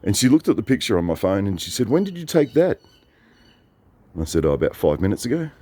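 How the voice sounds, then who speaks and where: A man's voice: sits low, very animated, very fast, warm tone. An Australian man rambling through a chatty story in a casual monologue, often correcting himself. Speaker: vlogger.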